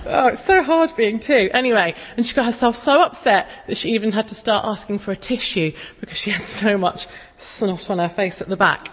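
A woman, giving a casual, chatty sermon full of self-deprecating stories. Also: medium pitch. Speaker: preacher. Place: church. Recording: long echo of a church hall.

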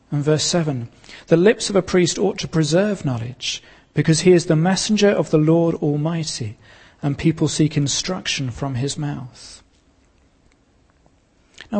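Male pastor, sermon delivery, earnest and emphatic, gravelly voice. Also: sits high, a little mellow, big-room sound. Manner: earnest preaching with pauses and emphatic repetition.

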